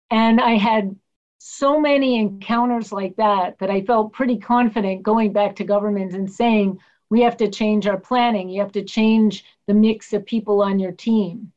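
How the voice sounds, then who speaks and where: A woman's voice: mid-range voice, darkish tone, muffled recording. A woman interview guest telling field stories with animation, acting out the people she quotes. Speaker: guest, public health worker. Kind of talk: interview storytelling.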